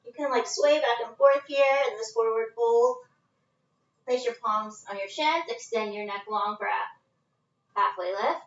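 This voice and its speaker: A woman's voice: fairly high pitch, a little slow, echoey room, recorded from a distance. Casual yoga teacher, woman, out of breath, dull lo-fi phone sound in her living room. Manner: casual, chatty, breaks into laughs. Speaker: yoga instructor. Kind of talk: live-streamed yoga class instruction. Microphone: phone set at a distance.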